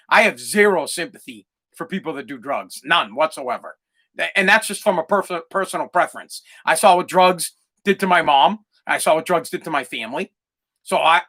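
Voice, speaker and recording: A middle-aged podcast host, his voice pitched high and bright with a sharp, forceful edge. He rants bluntly and swears constantly. He mocks the people he criticizes in whiny voices. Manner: profane, combative, mocking put-on whiny voices. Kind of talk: blunt opinion monologue.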